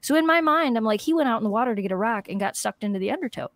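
Animated woman telling a story. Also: fairly high pitch, very fast, no echo. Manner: animated storyteller, laughs often, acts out quoted lines. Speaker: podcast co-host. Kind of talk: casual storytelling chat.

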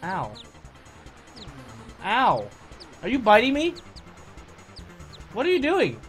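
Excitable, swearing young male gamer. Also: high-pitched, slow. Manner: excitable, profane, talks back at the game. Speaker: gaming streamer. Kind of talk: casual live-stream gameplay commentary. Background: game music.

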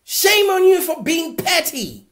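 A woman hosting a live advice show, answering questions bluntly and emphatically, sometimes nearly shouting. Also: very high voice, very animated, takes it slowly, slight background noise. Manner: blunt, emphatic, often raising voice to a near shout; keeps checking in with "all right?". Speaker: host.

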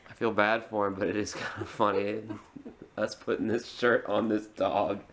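A man filming a casual home vlog, chuckling and gently soothing his frightened dog. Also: lowish voice, flat delivery, normal speed. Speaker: vlogger. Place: home indoors.

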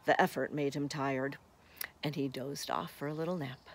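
A woman's voice: extremely low pitch, steady tone, normal speed, husky. A woman reading a children's picture book aloud, friendly and speaking directly to young listeners. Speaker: storybook reader.

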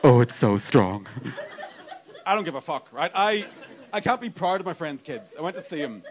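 A young comedian works a club crowd with a bright, high voice that leaps up and down. He swears freely, mocks himself and slips into voices for the people in his stories. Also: expressive, fairly quick. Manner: profane, self-mocking, acts out voices. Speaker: stand-up comedian. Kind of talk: stand-up comedy set. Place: comedy club with live audience.

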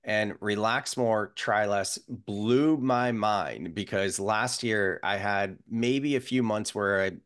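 Male interview host, low pitch, reflective and earnest, close dry mic. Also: fairly bright tone, dry recording. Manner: earnest and reflective, drawn-out thinking aloud. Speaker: podcast host. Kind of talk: casual interview conversation.

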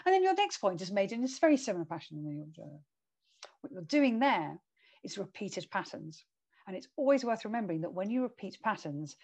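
A woman who runs a communications consultancy, talking straight to a webcam and giving emphatic tips on presenting. She shifts on purpose between lively, energetic stretches and quiet, slower ones. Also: medium pitch. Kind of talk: coaching talk straight to camera. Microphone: webcam setup while she watches herself on screen.

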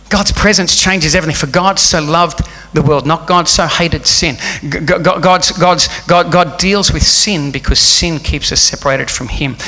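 A man preaching a sermon in a church hall, passionate and building to loud, fervent delivery. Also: a little high. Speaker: pastor. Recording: long hall reverb.

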